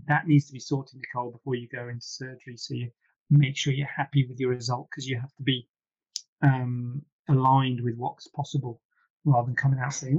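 A man's voice: medium pitch, level tone, normal speed, darkish tone, breathy edge, dull audio. A man, a plastic surgeon, answering viewer questions in a casual, rambling live Q&A with frequent asides. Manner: chatty, rambling, self-deprecating asides.

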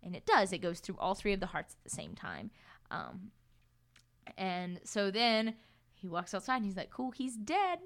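A woman's voice: lowish voice, big pitch swings, normal speed, creaky, a bit bright. A young woman co-hosting a casual book podcast, retelling the plot and putting on silly voices for the characters. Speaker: podcast co-host.

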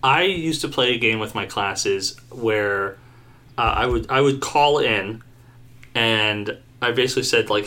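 A man who used to be a customer service trainer, telling lively stories in a casual podcast chat and laughing easily. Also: medium pitch, a little slow. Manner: animated storyteller, laughs easily.

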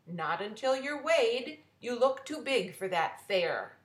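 A woman voicing an impatient, grumpy male ticket worker at a fair, gruff and bossy. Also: a little high, very animated, takes it slowly, pitched above the performer's own voice. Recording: roomy echo.

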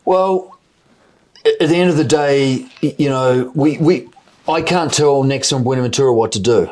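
This man speaks with a New Zealand accent in an easy, mid-pitched voice. He is answering questions in a conversational interview, often stumbling and repeating words as he works through his explanations. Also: normal speed, darkish tone. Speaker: mining company executive.

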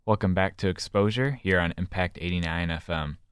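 Smooth low-voiced young radio host. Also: male voice, a little fast, faint music behind. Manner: polite, slightly scripted, with "uh" fillers. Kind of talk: radio interview hosting. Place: radio studio.

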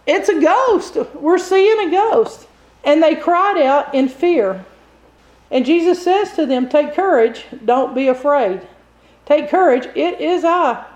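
Animated woman preaching in an echoey room. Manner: animated storytelling, rising high and loud at dramatic points. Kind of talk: sermon.

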